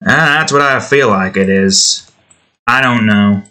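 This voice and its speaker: A man's voice: on the low side, measured pace, sharp tone. A man hosting an art video, rambling in a profane, sarcastic way while he draws. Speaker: art channel host. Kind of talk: casual commentary while drawing.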